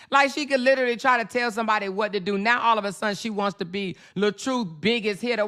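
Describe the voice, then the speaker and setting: A woman's voice: mid-range voice, a bit bright, clear, resonant tone. A woman vlogger ranting in blunt, profane, mocking commentary about a rival. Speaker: vlogger host.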